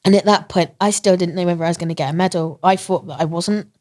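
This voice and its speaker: A woman from England, a guest in a podcast interview, telling a personal story in an animated way, laughing often and acting out the voices of others. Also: lowish voice, fast. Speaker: interview guest, marathon runner.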